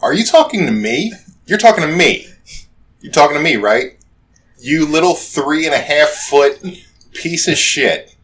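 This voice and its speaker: A man's voice: a little high, lively intonation, a bit bright, voice pushed up. A man doing a crude, rambling orc bandit. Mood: aggressive. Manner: rambling, halting, crude speech. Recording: distant mic, faint noise.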